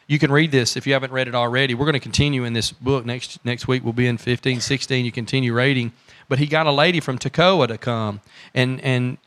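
Folksy preacher. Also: male voice, mid-range voice, a bit bright. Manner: folksy storytelling, asks the congregation questions. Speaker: pastor. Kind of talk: sermon. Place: church.

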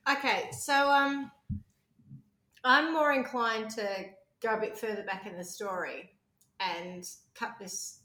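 A woman's voice: a little high, steady tone, slow pace, sharp tone. A woman chatting casually in an apartment, rambling through her thoughts and swearing freely. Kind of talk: casual chat. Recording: roomy echo.

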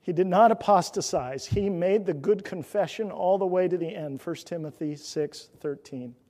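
A man preaching a sermon as pastor, earnest and exhorting, with rhetorical questions, swinging from loud emphasis down to hushed near-whispers. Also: high voice, moderate pace. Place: church sanctuary. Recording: reverberant church hall.

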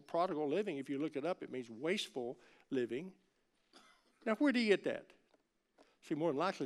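A man preaching a sermon in a church, talking with the congregation in an easy, conversational way. His voice sits a little higher than most men's. He swings from loud, emphatic peaks down to soft, low asides. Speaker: pastor.

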